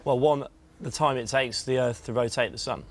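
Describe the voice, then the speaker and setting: A man's voice: mid-range voice, steady tone, moderate pace. A man contestant on a quiz show, thinking aloud hesitantly over the clues. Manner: hesitant, musing.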